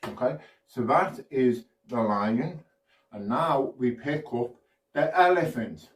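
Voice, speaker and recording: A man from the UK performs a magic routine for kids, with slow, playful patter and counting along. He sounds set back from the microphone in an echoey room. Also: fairly high pitch, lively intonation, recorded from a distance.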